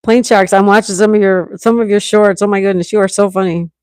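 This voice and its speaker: A woman's voice: medium pitch, fairly even intonation, fast talker, darkish tone, clean tone, no room sound, clean studio sound. A woman in her sixties from New York State, hosting a casual livestream and chatting as she reads viewers' comments aloud. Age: 60s. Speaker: livestream host. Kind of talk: casual live chat reading comments.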